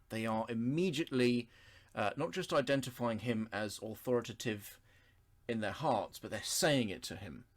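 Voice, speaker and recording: Unhurried man explaining scripture. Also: mid-range voice. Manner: thoughtful, unhurried, with frequent pauses and self-corrections. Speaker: Bible teacher. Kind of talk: reading scripture and explaining it verse by verse.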